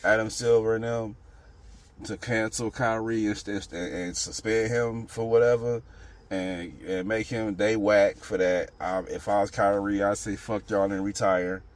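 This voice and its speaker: A man with a notably low voice talks straight to his channel's viewers in an unscripted opinion monologue. He rambles, circles back on his points, and leans on slang and the same filler phrases again and again. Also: fairly even intonation, unhurried. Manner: rambling, street slang, repeats "you know what I'm saying". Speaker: channel host.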